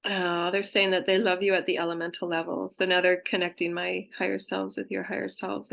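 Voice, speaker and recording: A gravelly, lowish female voice, a bit bright and level in tone, moves fairly quickly with few pauses. In a casual chat she relays what her spirit guides say, gushing affectionately and giggling repeatedly.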